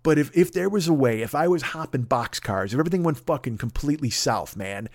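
A man's voice: mid-range voice, quick pace, no room sound, studio quality. A man in his fifties telling a rambling, crude comic monologue as a podcast host. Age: 50s. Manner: rambling, crude, animated storytelling.

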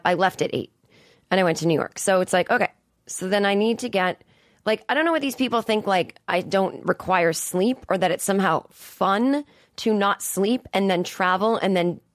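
A woman's voice: medium pitch, fairly quick, no echo, clean studio sound. Exasperated, profane woman in her forties. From Boston area. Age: 40s. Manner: profane, exasperated rant with frequent emphatic rises. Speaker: comedian podcast host. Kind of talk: casual monologue. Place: studio. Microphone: studio mic.

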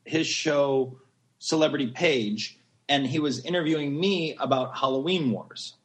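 A fairly high-voiced man telling a story as a podcast guest. He talks with excitement, laughs often and wanders into asides. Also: unhurried. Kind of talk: animated storytelling.

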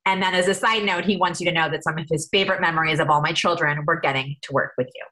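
A woman's voice: low-pitched, steady tone, fast talker, sharp tone, rough recording. A woman interviewer reading out questions and laughing along with her guest.

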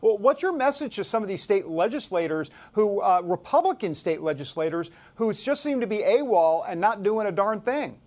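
High-voiced wisecracking male talk host. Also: very animated, moderate pace, hardly any pauses, darkish tone. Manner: wisecracking, sarcastic asides. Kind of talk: casual political talk show.

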